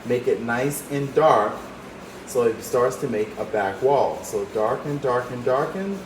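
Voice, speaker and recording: A man's voice: medium pitch, expressive, unhurried, noisy background. A man teaching a drawing lesson, talking the viewer through each step with encouragement. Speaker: art teacher. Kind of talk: drawing demonstration. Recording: roomy echo, faint ambience.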